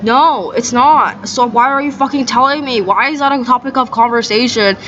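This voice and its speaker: A woman's voice: on the high side, normal speed, a bit bright, slight background noise. Exasperated woman ranting outdoors. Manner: exasperated, profane, rambling. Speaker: vlogger. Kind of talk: ranting casual monologue. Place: outdoors on grass. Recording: slightly dull sound, faint outdoor ambience.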